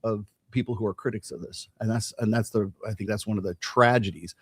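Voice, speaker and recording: A man's voice: fairly low pitch, a little fast, slightly rough, no room sound. Emphatic man explaining on a podcast. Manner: explanatory, emphatic, repeats phrases. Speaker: podcast host. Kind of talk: casual podcast discussion.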